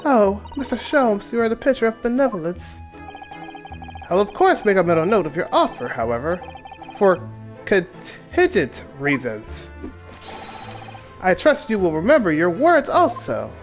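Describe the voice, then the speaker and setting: A man's voice: high-pitched, sing-song, unhurried, long pauses, faint music behind, voice pushed up. A man voicing a refined, mannered English lady client, reading game dialogue aloud with dramatic pleading. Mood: pleading, genteel.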